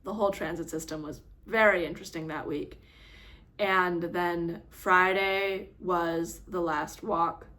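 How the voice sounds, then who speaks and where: A woman vlogger casually telling a personal story, acting out both sides of a phone call in an animated way. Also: on the low side, unhurried. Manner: animated, reenacts her own phone call with quoted voices.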